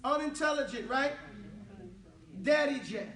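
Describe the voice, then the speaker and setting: A man's voice: very high-pitched, measured pace, fairly bright tone. A man teaching an Arabic class, drilling the students in call and response with a casual, joking manner. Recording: echoey room, distant mic, class audible.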